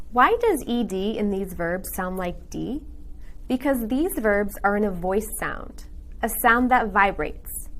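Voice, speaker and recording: A woman giving a scripted pronunciation lesson, speaking her example sentences in a spaced, deliberate way. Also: mid-range voice. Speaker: pronunciation teacher.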